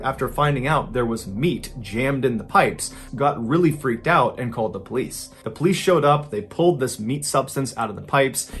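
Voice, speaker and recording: A man hosts a true-crime storytelling podcast, recounting events in a relaxed, conversational manner. His voice sits at an ordinary middle pitch, and he steadily builds suspense as he goes. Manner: casual, conversational retelling with dramatic build. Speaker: podcast host.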